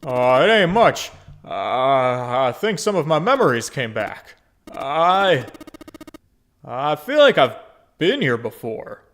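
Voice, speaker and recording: A man doing a gruff, rattled game character who drags his words out slowly and mumbles his way through each thought. The pitch leaps and drops across a wide range as he halts and restarts. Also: very animated, fairly bright tone. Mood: agitated. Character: big gruff adult man, confused and shaken.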